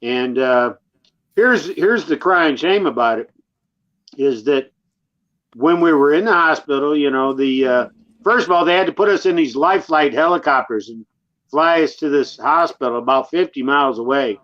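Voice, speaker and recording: A middle-aged married man tells a story on a casual podcast, slowly and with frequent "uh" pauses. His voice sits a little high for a man. The audio is dull and lo-fi. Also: a bit bright. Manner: measured, many "uh" pauses. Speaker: podcast guest. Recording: dull lo-fi sound.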